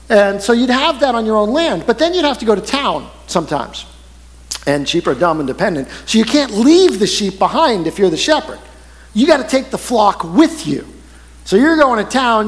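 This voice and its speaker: Male pastor, animated conversational sermon delivery, higher voice, recorded in an echoing church hall.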